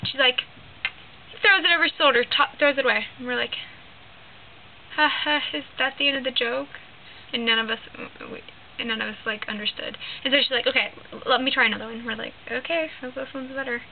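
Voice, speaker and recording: Speaking quickly with vocal fry and a slightly high voice, a teen girl rambles through a long joke for her vlog, peppering it with "like" and "um." The recording is lo-fi and phone-like, with a faint hiss.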